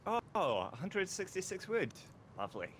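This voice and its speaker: A man on voice chat during a game, talking in a dry, deadpan way. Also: high voice, moderate pace, a little hiss or hum. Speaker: fellow player on voice chat.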